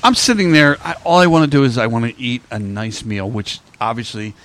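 A man's voice: mid-range voice, a little fast. A man telling a funny travel story in casual chat, laughing often and restarting his sentences. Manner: animated, laughing, lots of restarts.

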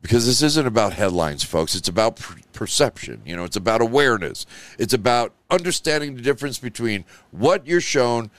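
Talking a little fast in an animated, fairly bright mid-range voice, a live show host rambles emotionally and loosely, filling his monologue with "you know" and "like." The recording is dry.

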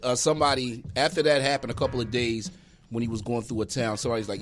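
A man's voice: medium pitch, steady tone, quick pace, a bit bright. A man co-hosting a casual chat show, talking in a laid-back, slangy, rambling way. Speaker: co-host.

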